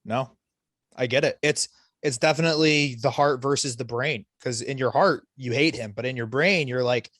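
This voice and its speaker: A man griping on a casual sports podcast, profane and mock-vengeful. His voice has an ordinary pitch and is recorded dry and close, with no room sound. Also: normal speed, a bit bright, no room sound. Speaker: podcast co-host.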